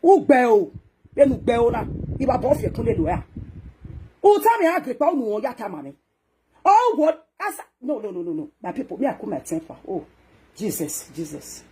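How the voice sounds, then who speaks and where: Speaking with a Nigerian accent, this female social media talk show host scolds in a ranting monologue, alternating between shouting and quiet muttering. Her mid-range voice is animated and quick, and there's slight noise in the background.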